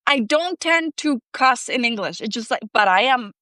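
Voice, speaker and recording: Woman, higher register, dry close sound; chatty guest who circles back on herself. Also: lively intonation, normal speed, pushed and bright, no room sound. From Colombia. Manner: chatty, many fillers and self-interruptions. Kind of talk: casual conversation.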